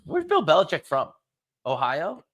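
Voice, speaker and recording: A man's voice: on the high side, wildly swooping pitch, normal speed, fairly bright tone. A man hosting a livestream, chatting casually and talking to his chat. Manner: chatty, reads the chat aloud. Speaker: stream host.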